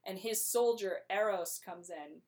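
A young woman casually retelling a play for comedy, chatty and quick to act out the characters' lines. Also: mid-range voice, a little mellow.

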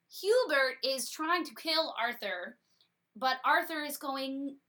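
A woman's voice: high voice, expressive, takes it slowly, bright, forceful tone. A woman giving a breezy, sarcastic comedic retelling of a story.

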